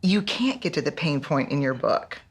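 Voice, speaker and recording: A woman's voice: low voice, moderate pace. A woman in her forties, a guest author, telling stories in a podcast conversation with lots of laughter. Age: 40s. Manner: animated, laughing storyteller.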